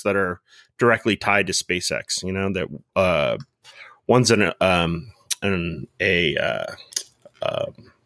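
A man co-hosts a casual podcast, spinning rambling stories full of fillers and restarts. His pitch is fairly low but his tone fairly bright, captured in studio quality with no echo.

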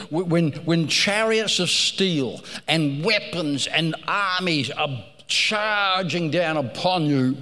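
Male preacher, fairly high voice, slow unhurried delivery, animated storytelling sermon, hall reverb. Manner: animated, storytelling with rising emphasis and repeated phrases.

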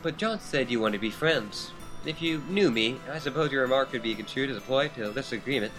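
A man's voice: mid-range voice, lively intonation, fast, over music, lightly acted, rough recording. A man voicing a wry, verbose teenage girl who talks in a dry, ironic way. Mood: skeptical.

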